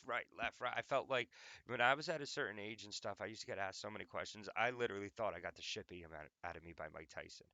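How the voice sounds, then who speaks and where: A young adult man hosts an audio podcast, giving a casual monologue that rambles, jokes, swears, and leans on "like." His voice is on the low side with a sharp tone, recorded without echo but sounding muffled.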